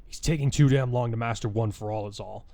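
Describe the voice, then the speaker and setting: A man's voice: medium pitch, quick pace, vocal fry, dark tone, no room sound, lightly acted. A man voicing a brash, hot-tempered teenage boy hero with a growling, boastful manner in a fan story reading. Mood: scornful.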